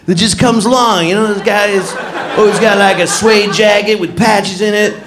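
A man doing stand-up comedy, telling a story in an animated way and jumping into high voices to act out scenes. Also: moderate pace, crowd noise. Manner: animated, acts out voices with big pitch jumps. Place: comedy stage before a live audience. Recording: echoey venue with audience noise.

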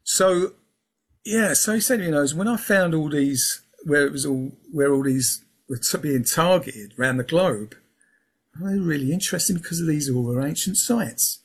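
A man's voice: fairly high pitch, normal speed, breathy edge. A man talking casually as an interview guest, rambling, restarting his sentences and filling with um and yeah. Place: lives in England.

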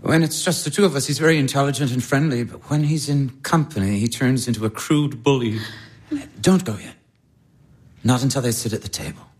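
A man's voice: medium pitch, fairly quick, darkish tone, husky, natural voice. An actor in his twenties playing an earnest young baron pleading his love. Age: 20s. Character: earnest young male baron, lovesick suitor. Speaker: baron, suitor. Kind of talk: stage drama acting.

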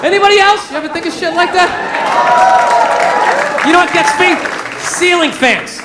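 Guy doing standup, really high voice, yelling punchlines, echoey club w/ crowd laughing. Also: moderate pace, very noisy. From Southern United States. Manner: animated, shouty punchlines. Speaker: stand-up comedian. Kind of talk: stand-up comedy. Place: comedy club stage with audience. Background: audience laughter.

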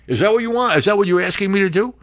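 A man's voice: sits high, rapid-fire, pitched above the performer's own voice, lightly acted. A man doing a tough-guy mobster crony. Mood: defensive.

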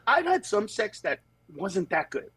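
A man who works as a comedian, telling candid stories in conversation and moving between animated voices and earnest, steady points. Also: high-pitched, a little slow, background noise. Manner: animated, jumps into voices of other people mid-story. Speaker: comedian guest.

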